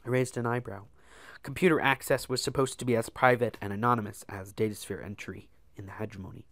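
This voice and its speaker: A man reading a science fiction novel aloud as a storyteller, with measured, dramatic emphasis. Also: lowish voice, steady tone, fairly bright tone, no echo.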